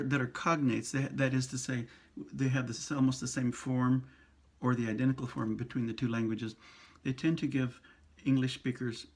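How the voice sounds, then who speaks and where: A priest giving a casual pronunciation lesson, speaking slowly and patiently, repeating and sounding out syllables. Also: male voice, medium pitch, husky. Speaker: priest teaching Spanish pronunciation.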